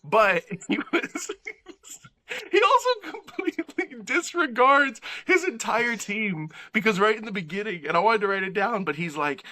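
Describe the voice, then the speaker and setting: Bright, high-voiced animated man. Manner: animated, mimics characters in quick asides. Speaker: podcast guest. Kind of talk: casual comedic movie review chat.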